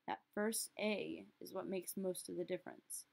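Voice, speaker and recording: A woman teaching a recorded French lesson, explaining step by step and slowly repeating example phrases. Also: on the low side, steady tone, creaky, darkish tone.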